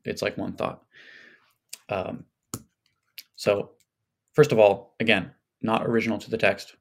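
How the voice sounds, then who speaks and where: A man's voice: lowish voice, steady tone, a little slow, creaky. A man as a podcast guest, explaining things in a casual scholarly way with many fillers and hedges.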